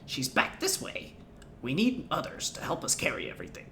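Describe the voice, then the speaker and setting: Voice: mid-range voice, wildly swooping pitch, fairly quick, bright, forceful tone, slight background noise, exaggerated voice. A player voicing a sly goblin schemer who coaxes and talks people into things. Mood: coaxing. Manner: scheming, coaxing.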